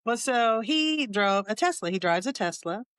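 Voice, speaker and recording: Sixties woman host, chatty and wry, smooth clear tone, dry close-mic. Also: fairly high pitch, lively intonation, moderate pace, fairly bright tone, no room sound. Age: 60s. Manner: humorous and candid, laughs often, chatty asides. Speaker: podcast host. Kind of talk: candid storytelling.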